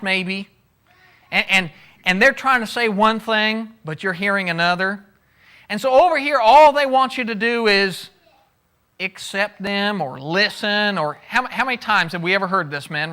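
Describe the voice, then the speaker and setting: His voice sits high, pushed and bright, as this male pastor delivers a conversational sermon. He asks the audience questions and acts out the quotes he uses.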